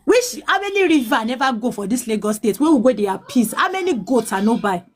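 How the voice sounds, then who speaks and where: High-pitched nigerian lady in her 30s, english and pidgin mixed, pleading, stops and restarts a lot. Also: sing-song, fast talker. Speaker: mother telling her life story. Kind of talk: emotional personal testimony.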